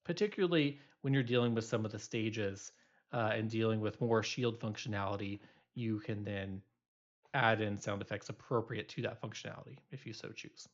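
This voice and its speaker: A man's voice: on the low side, normal speed, highs cut off. A male instructor giving a recorded programming lecture, explaining loosely with many fillers and restarts.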